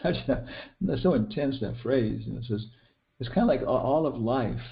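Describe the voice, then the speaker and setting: An older man gives a scripture class, wandering through an epic battle story and pausing to recall a favourite film version. His voice is gravelly and sits at an ordinary pitch. The recording sounds dull and lo-fi. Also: expressive. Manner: rambling, many restarts and fillers, retells film scenes with quoted lines. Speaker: teacher giving a scripture class.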